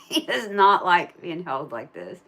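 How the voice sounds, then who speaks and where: A woman chatting casually on a live stream, thinking aloud and talking to her viewers, turning loud and excited at a win and cooing to her pet. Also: fairly low pitch, measured pace. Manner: gets excited and loud at wins. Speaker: live streamer scratching lottery tickets.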